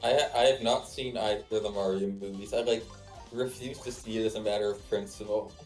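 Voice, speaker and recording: A man's voice: lowish voice, fairly even intonation, brisk, a little mellow. A man co-hosting a game stream, making dry, sardonic, critical quips. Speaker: co-host of a game mod dev stream. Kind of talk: casual let's-play commentary. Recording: roomy echo, faint music behind.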